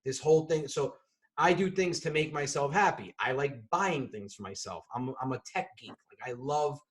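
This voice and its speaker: A man telling a fast, animated comic story as a podcast guest over a video call, bursting into shouts at times. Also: medium pitch. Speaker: comedian and guest. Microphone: video call on a computer.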